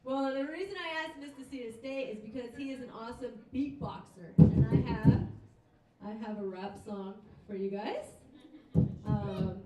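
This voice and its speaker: A woman's voice: a little high, normal speed, warm tone. A woman co-hosting a live comedy show, telling bawdy, teasing jokes from the stage. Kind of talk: live standup banter. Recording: echoey club from a distant mic, music behind.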